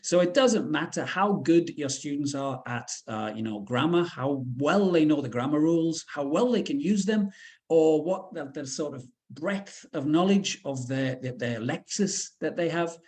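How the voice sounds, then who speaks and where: A man's voice: fairly high pitch, expressive, normal speed, darkish tone. A man from the UK presenting a teacher-training webinar, talking in a chatty way with frequent fillers.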